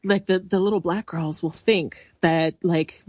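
A woman's voice: fairly low pitch, measured pace, husky, no echo. Laughing woman in casual podcast chat. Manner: animated, laughing, opinionated commentary. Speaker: podcast co-host.

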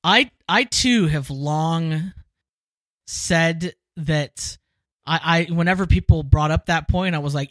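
A man hosting a podcast, chatting casually and explaining things with emphatic, animated enthusiasm. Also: fairly high pitch, slow pace, no room sound. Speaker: podcast host. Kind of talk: casual chat.

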